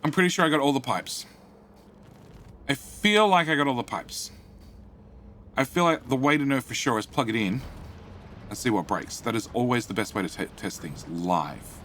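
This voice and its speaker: Male live streamer, casual running commentary, animated pitch, chats to viewers between build steps. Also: moderate pace, pauses often, a little hiss or hum. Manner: chatty, muttering to himself while building; reads out and greets chat. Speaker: game streamer.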